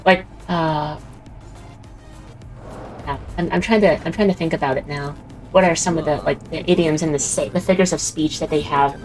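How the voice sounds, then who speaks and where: A woman's voice: deep voice, normal speed, long pauses, a little mellow, soft background music, rough recording. Giggly rambling young woman streamer. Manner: rambling and giggly, mimics voices. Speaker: VTuber streamer. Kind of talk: casual chat while gaming.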